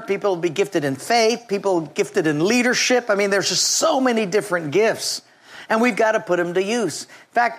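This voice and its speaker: A preacher giving a sermon who tells stories with lively energy and calls out to the congregation. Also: medium pitch. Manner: storytelling, animated, calls on the congregation.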